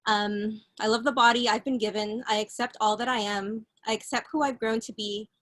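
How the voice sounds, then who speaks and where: A woman with a bright, forceful voice reads her affirmation aloud over a video call. She takes it slowly and carefully. Her voice sits a little high. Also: steady tone. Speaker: workshop participant.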